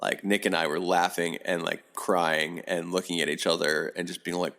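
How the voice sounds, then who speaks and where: A middle-aged man, a podcast guest, telling a long rambling story in casual talk, animated and swearing often. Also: sits low, normal speed, hardly any pauses.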